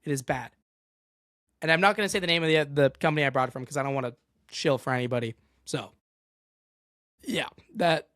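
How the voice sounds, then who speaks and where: A man's voice: a little high, fairly bright tone, dry recording, clean studio sound. A young man hosting a solo sports podcast, ranting with exasperation and going off on tangents. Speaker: podcast host.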